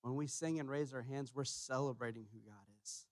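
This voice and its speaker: A man preaching a sermon as pastor, emphatic, repeating his key phrases and pushing louder on each point. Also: medium pitch, a little fast, no echo. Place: church sanctuary.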